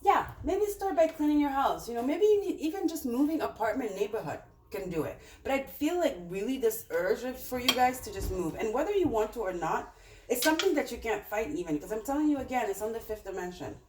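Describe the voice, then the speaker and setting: A woman's voice: a little high, animated, fairly quick, far from the mic, a crowd in the background. Chatty woman doing a tarot reading. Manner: chatty, rambling, with many fillers. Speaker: tarot reader. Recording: roomy, off-mic with faint noise.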